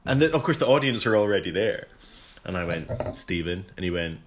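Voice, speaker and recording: A man's voice: lowish voice, animated, fast. A Scottish man co-hosting a podcast, telling stories in a chatty, rambling way and laughing often. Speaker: podcast co-host. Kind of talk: casual chat, storytelling.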